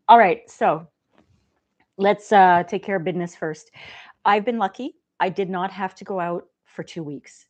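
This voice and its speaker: A woman hosting a casual livestream, talking in a gentle, chatty way and laughing often. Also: fairly low pitch, a little slow. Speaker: livestream host.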